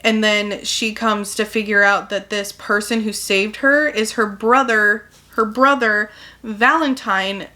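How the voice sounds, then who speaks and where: Chatty woman book vlogger, bright and forward tone, casual plot recap full of "like". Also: medium pitch, fairly even intonation, slow pace. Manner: chatty, peppered with "like", acts out quotes. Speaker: book reviewer.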